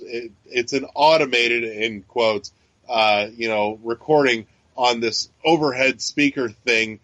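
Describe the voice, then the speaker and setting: This podcast co-host has a medium-pitched voice that comes out pushed and bright, in a dry yet dull, lo-fi recording. He's chatty and profane, wandering through casual talk with lots of filler words and restarts.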